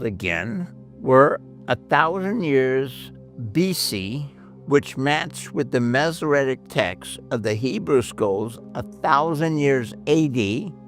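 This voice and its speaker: A host with a gravelly, medium-pitched voice leads a Bible history talk. He tells the stories emphatically, acting out the voices of the people he quotes.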